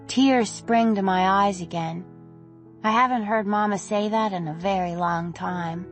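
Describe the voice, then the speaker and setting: A woman narrating an audiobook in the first person, gentle and slow. Her pitch sits in the middle of the range. Faint music lies under her reading.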